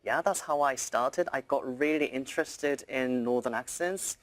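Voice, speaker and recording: A man's voice: medium pitch, moderate pace, fairly bright tone, no room sound. Man chatting as a TV guest. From South Korea. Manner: chatty, many fillers, slips into imitated British accents. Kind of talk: casual interview chat. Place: TV studio.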